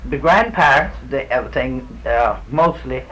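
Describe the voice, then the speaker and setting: A man's voice: medium pitch, expressive, moderate pace, fairly bright tone, a little hiss or hum, poor audio. A man in his sixties with a Cajun accent, telling stories in a rambling, folksy way during an oral history interview. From South Louisiana island. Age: 60s. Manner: rambling, folksy storytelling with restarts.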